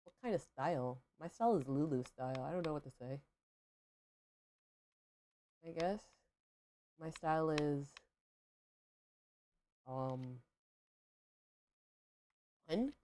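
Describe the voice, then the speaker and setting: Low-voiced woman chatting casually. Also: animated, slow pace, long pauses, warm tone, slight background noise. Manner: rambling, filler-heavy, self-questioning. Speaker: livestream host. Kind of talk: casual chat while gaming.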